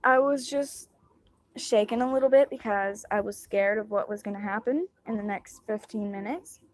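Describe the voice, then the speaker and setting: A woman's voice: medium pitch, moderate pace, no echo. A young woman casually telling a personal story, rambling and acting out what others said. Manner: rambling, retelling dialogue with quoted voices.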